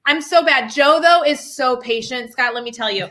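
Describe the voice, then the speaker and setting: A woman educator chats as a podcast guest, quick and animated. Her voice sits a bit high and rings bright and forceful. She jumps into playful voices when retelling stories. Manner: quick, animated, acts out quotes. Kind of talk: casual chat.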